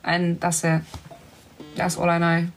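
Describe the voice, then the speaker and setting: A young woman from Eastern Europe hosting a casual phone livestream, giggly and chatty, answering comments in quick short replies. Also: on the low side, completely flat delivery, faint music behind, poor audio. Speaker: livestream host.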